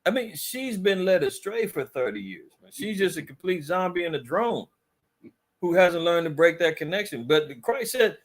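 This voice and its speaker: A man's voice: sits high, very animated, normal speed. A man leading a conversational Bible teaching, fiery and mocking in a preachy way.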